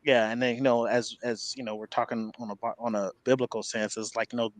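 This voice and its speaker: A man's voice: mid-range voice, little pitch movement. A man co-hosting a fan podcast, chatting casually and supportively with lots of fillers. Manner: supportive, filler-heavy, quick back-channel replies. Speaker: podcast co-host. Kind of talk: casual chat.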